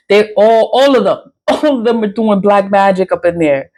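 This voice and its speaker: A woman's voice: medium pitch, normal speed, few pauses, a little mellow, low-quality recording. A woman talking to camera in a casual rambling monologue, frank, swearing freely and laughing often. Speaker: spiritual vlogger.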